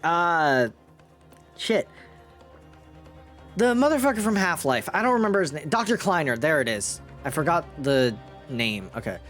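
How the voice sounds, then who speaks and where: A man streaming a courtroom game, reacting loudly and swearing at it. His pitch swings widely as he jokes and complains. Soft game music plays under his talk. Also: moderate pace, long pauses. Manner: excitable, profane, self-mocking. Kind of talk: casual game-stream commentary.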